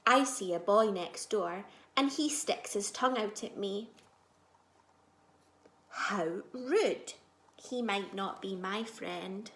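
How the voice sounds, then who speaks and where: A woman teacher reading a children's storybook aloud, expressive, moving between soft asides and loud moments. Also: medium pitch, a little slow, hardly any pauses, echoey room.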